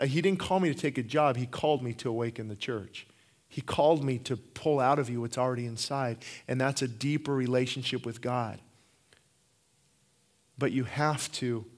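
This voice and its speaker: A middle-aged man preaching a sermon as pastor, impassioned, often repeating words and restarting phrases. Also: mid-range voice.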